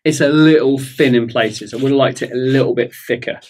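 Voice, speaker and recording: A man's voice: medium pitch, fairly even intonation, brisk, a little mellow. A man talking casually about a hobby build, thinking aloud and rambling with lots of fillers. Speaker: hobby vlogger.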